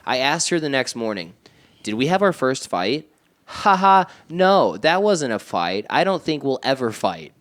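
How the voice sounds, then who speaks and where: Podcast co-host, male, mid pitch; reads messages straight, then cracks up and riffs on them. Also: big pitch swings, a little slow, a bit bright. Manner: reads text messages aloud with mocking asides, laughing often. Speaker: podcast co-host reading a story aloud. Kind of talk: casual comedic podcast chat and reading.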